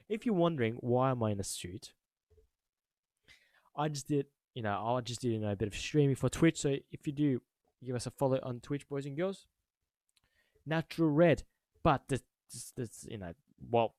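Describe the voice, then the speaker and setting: A man making a football reaction vlog, excitable, repeating his exclamations and laughing loudly. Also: mid-range voice, moderate pace, no room sound. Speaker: football fan YouTuber.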